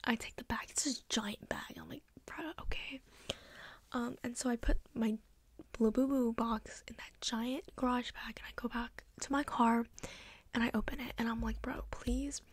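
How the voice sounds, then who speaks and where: Breathy soft-spoken young woman. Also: fairly high pitch, steady tone, normal speed, no echo. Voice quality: breathy, half-whispered. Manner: rambling, chatty, full of "like". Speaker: ASMR creator. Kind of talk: soft-spoken ASMR storytelling.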